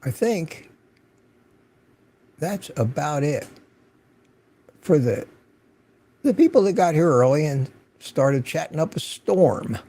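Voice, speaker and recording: A man's voice: a little high, expressive, takes it slowly, pauses often, warm tone. An older man hosting a livestream, chatting casually and rambling as he greets viewers by name from his home studio. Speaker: livestream host.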